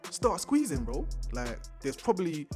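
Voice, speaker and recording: A young man doing an animated, slang-heavy comedic recap, acting out the characters in jumpy voices. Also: normal speed, faint music behind. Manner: animated, acts out characters with big pitch jumps. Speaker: recap host.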